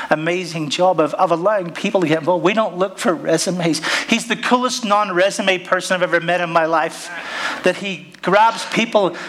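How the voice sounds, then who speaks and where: A man's voice: on the high side, a bit bright. Rambling, earnest male pastor. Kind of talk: church announcement from the pulpit.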